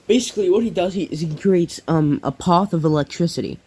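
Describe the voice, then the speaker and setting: A man's voice: high-pitched, moderate pace, warm tone, breathy edge, low-quality recording. A man casually narrating a fan-made story, rambling with many fillers and self-corrections.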